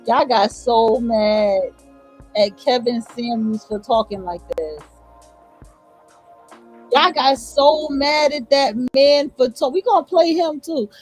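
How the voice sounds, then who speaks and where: A high-pitched woman hosts a stream and reacts to clips with sassy, profane commentary. She talks casually and directly, with faint music underneath. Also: slow pace, darkish tone, rough recording. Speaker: livestream host.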